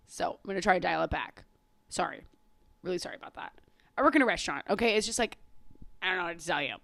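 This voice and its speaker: A woman's voice: medium pitch, a bit bright, no room sound, clean studio sound. A woman in her twenties hosting a casual solo podcast, rambling, swearing freely and gushing about pop culture, often laughing and apologizing. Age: 20s. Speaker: podcast host.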